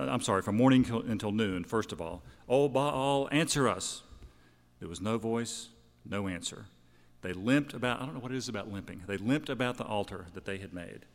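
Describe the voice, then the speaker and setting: Low-voiced preacher in a reverberant hall. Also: male voice. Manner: conversational, with fillers and self-corrections. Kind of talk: sermon retelling a scripture story.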